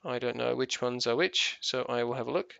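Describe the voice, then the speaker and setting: A married man chats casually while he plays, rambling from one thought to the next and swearing freely. His voice is gravelly with a bright, forceful edge. The recording is dry and a little dull, like a lo-fi mic. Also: mid-range voice, brisk, no echo. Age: adult, married for years. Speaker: gaming streamer. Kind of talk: casual chat while playing.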